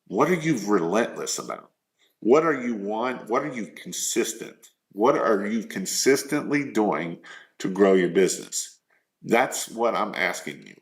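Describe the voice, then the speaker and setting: Slow-talking earnest male business coach. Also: lowish voice, creaky. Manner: earnest, repetitive, rhetorical questions. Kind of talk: live coaching talk to small business owners.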